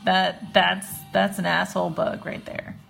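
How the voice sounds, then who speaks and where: A woman's voice: lowish voice, little pitch movement, creaky, fairly bright tone, soft background music. A woman hosting a livestream, chatting casually and laughing while she sketches. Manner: giggly, chatty, drawn-out. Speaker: livestream host and artist.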